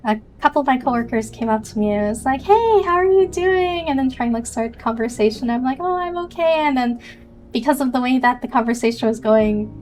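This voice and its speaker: A woman's voice: fairly high pitch, darkish tone, rough recording. A young woman streamer chatting casually and rambling through a long story. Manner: rambling, laughs often. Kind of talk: casual chat and reading aloud.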